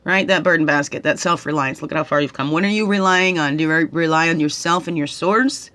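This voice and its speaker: A woman's voice: low-pitched, fast talker, a bit bright. Woman, middle-aged, tearful spiritual reader; coaxing questions, frequent "right?", reflective pace. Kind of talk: reflective spiritual guidance talk.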